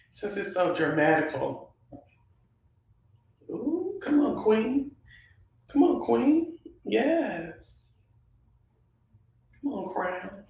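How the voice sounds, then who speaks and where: Sassy livestream host in a very echoey room. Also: medium pitch. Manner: sassy, animated, calls viewers girl and honey. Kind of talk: casual livestream gossip chat.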